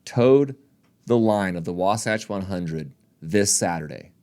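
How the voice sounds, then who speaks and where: A man's voice: deep voice, animated, unhurried, a little mellow, clear, resonant tone. A man co-hosting a casual running podcast, joking, teasing and laughing often. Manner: laughs often, jokes and teases. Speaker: podcast co-host. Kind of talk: casual chat.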